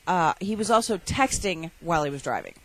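A woman's voice: on the low side, very animated, brisk, a little hiss or hum, low-quality recording. A woman co-hosting a casual talk show, reading news stories in a wry, matter-of-fact way. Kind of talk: casual podcast chat.

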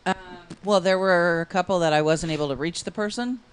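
A woman's voice: on the low side, a little fast, smooth. A woman co-hosting a radio talk show, chatting in an easygoing, hesitant way. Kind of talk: casual talk show chat.

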